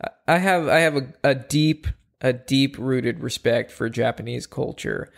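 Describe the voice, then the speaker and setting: A man's voice: medium pitch, measured pace, gravelly. A man co-hosting a casual podcast, speaking earnestly and often restarting his words. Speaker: podcast co-host.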